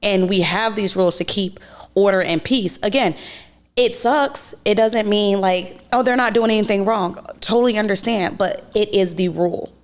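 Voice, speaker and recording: A woman co-hosting a casual podcast, talking in a voice of middle pitch. She teases and ranges freely, winding into long opinionated rants full of restarts. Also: normal speed. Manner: teasing, then ranting with opinions. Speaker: podcast co-host. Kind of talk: casual chat.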